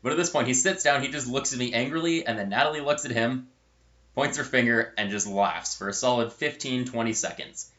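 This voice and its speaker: A man's voice: mid-range voice, brisk, fairly bright tone, dull audio. A young man hosting his own channel, telling a funny college story in a casual, rambling way and correcting himself as he goes. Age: young adult. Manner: chatty and rambling, with self-correcting asides.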